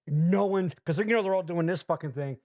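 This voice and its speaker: A man's voice: high voice, brisk. A man hosting a podcast, chatting casually and reacting to clips with profane, incredulous commentary. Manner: profane, incredulous, animated retelling. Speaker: podcast host.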